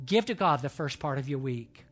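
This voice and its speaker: A male pastor preaching a sermon, emphatic, swinging between loud pushes and quiet asides. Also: mid-range voice, lively intonation, normal speed, faint music behind.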